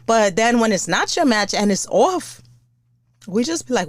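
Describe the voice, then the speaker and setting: A woman's voice: a little high, measured pace, no room sound, studio quality. A woman hosting a podcast, ranting in a blunt, profane, comedic way. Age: older. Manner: blunt, profane, lively and animated. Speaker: podcast host. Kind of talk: casual comedic rant.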